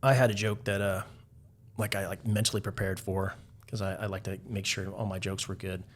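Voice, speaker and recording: Low-pitched guy on a podcast, rambling war stories, lots of "like". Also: flat delivery, brisk. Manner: rambling, heavy use of "like". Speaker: podcast guest. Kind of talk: casual storytelling.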